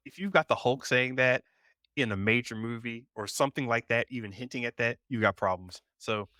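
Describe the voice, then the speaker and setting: A man co-hosting a casual pop culture podcast, relaxed and conversational, bringing up news items. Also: mid-range voice, fairly quick, dry recording. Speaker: podcast co-host.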